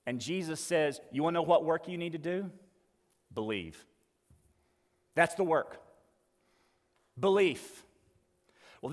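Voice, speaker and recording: A male pastor preaches in an easy, conversational way, pressing his points with emphasis and dropping in folksy asides. His voice sits a bit high for a man. The sound carries a long reverb, as if picked up in a large hall. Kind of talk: sermon.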